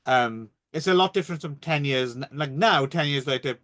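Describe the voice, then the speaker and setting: A man's voice: fairly high pitch, normal speed, fairly bright tone. Wry, swearing British man chatting. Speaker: podcast co-host. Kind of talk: casual film review chat.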